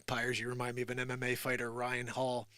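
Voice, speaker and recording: Middle-aged male host, New Jersey accent, bright forceful tone, dry close sound, animated storyteller. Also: mid-range voice, fairly quick, no room sound. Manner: animated storytelling, acts out quoted voices, swings from loud to hushed. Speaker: live show host. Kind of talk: casual livestream monologue.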